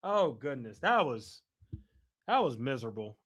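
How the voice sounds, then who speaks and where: A man's voice: mid-range voice, sing-song, measured pace, a bit bright. A man hosting a live stream, ranting in exasperated casual reaction commentary and swearing freely.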